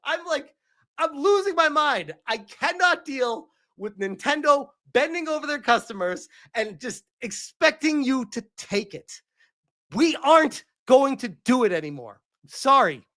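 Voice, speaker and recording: An exasperated man tearing into his subject on a live stream, swearing again and again. His pitch leaps and dives as he rants, very animated and full of heat. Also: measured pace. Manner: heated, profane, exasperated. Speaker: gaming streamer.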